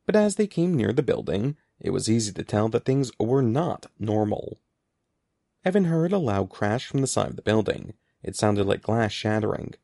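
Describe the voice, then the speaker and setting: A man reading a children's story aloud with a lively, rising and falling delivery. His voice carries a gravelly texture, and the recording is close and dry with no room sound. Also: lowish voice, moderate pace, dry recording. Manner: expressive, animated reading. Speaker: narrator. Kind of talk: audiobook reading.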